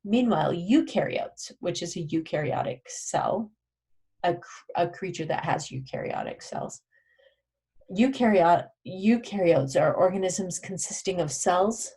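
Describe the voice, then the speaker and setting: A woman's voice: on the low side, vocal fry, darkish tone, slightly rough. A woman teaching a recorded biology lesson, explaining step by step, correcting herself as she goes and quizzing with questions she answers herself.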